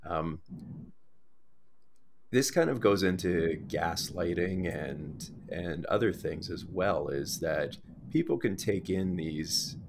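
A man hosting an interview, asking questions in a measured, affirming way. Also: low voice, gravelly. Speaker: podcast host. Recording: noisy background.

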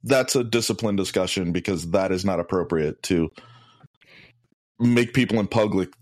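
A man's voice: low voice, normal speed, no echo, clean studio sound. A man co-hosting a podcast in casual chat, blunt and opinionated. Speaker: podcast co-host.

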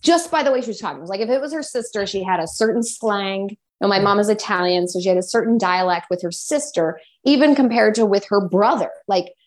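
A woman's voice: mid-range voice, lively intonation, fast, few pauses. A woman co-hosting a casual live chat as a voice coach, explaining her points and now and then putting on voices to show them. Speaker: voice coach, co-host.

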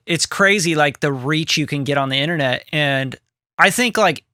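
A man co-hosting a podcast in casual, animated chat, now and then swearing and acting out what other people say. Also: a little high, moderate pace, no echo, clean studio sound. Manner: animated, swearing, quotes people in put-on voices. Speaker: podcast co-host. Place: home studio room.

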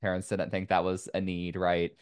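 A man's voice: low-pitched, completely flat delivery, normal speed, clear, resonant tone, no echo, studio quality. A man from Indiana in a casual conversation, talking in loose, rambling sentences full of "like.". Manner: rambling, many "like" fillers. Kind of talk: casual chat.

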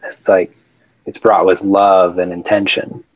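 A man with a lowish voice who speaks slowly and hesitantly, pausing to think as he goes. His sound is dull and muffled, as if from a lo-fi mic. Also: fairly even intonation. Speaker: podcast guest.

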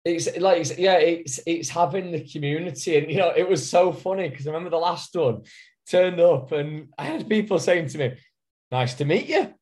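A man's voice: fairly high pitch, normal speed, a little mellow. A man from the north of England with a Northern English accent, a fitness coach co-hosting a podcast and chatting enthusiastically. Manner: chatty, enthusiastic, laughs easily. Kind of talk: casual chat.

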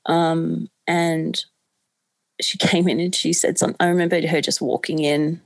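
Woman, chatty, low voice, fry, dry room. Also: little pitch movement, normal speed, no room sound. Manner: candid, chatty, many fillers. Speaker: podcast guest. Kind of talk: casual storytelling.

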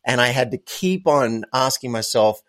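With an expressive, slightly bright mid-range voice at normal speed, a podcast guest tells stories from his life in casual interview style, emphatic and repeating words to underline them.

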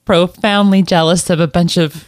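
A middle-aged woman with a slightly low voice, chatting and giggling on a podcast. She tells lively stories about her children and plays their lines. The recording is dry and close. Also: normal speed, dry recording. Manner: animated storyteller, giggly, acts out her kids. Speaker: podcast co-host. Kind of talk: casual chat.

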